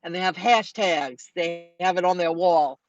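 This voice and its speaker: A middle-aged woman telling viewers about her delivery rounds in a chatty, animated way, acting out what people said. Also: lowish voice, measured pace, no room sound, muffled recording. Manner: chatty, animated retelling with quoted dialogue. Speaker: food delivery driver vlogger. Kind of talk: casual storytelling to viewers.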